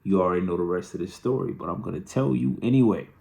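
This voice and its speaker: A man's voice: sits low, fast, vocal fry, darkish tone. A middle-aged man hosting a show, telling a personal story in a candid, conversational and dryly humorous way. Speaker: host.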